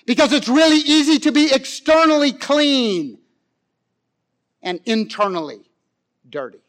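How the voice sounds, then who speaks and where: A man preaching a sermon, telling a personal story with animation, swinging from loud excitement to quiet pleading. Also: extremely high pitch, measured pace.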